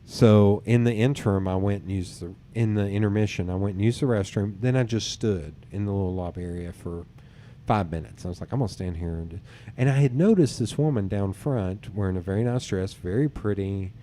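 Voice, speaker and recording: A man's voice: on the low side, brisk, a little hiss or hum. A man hosting a podcast, telling personal dating stories in casual chat, acting out what others said and swearing casually. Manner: animated storyteller who acts out others' lines, swears casually. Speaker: podcast host.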